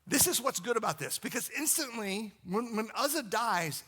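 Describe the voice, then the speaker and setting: Man, pastor, sermon, high voice, gravelly, repeats phrases for emphasis. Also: big pitch swings, fairly quick, bright, forceful tone.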